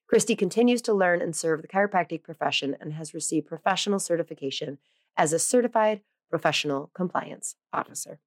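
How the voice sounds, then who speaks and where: A chatty woman hosting a podcast who rambles happily through a guest introduction. Her voice sits a bit low and lively, with frequent fillers and quick self-corrections. The sound is close and dry, with no room echo. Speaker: podcast host. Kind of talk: casual solo podcast intro.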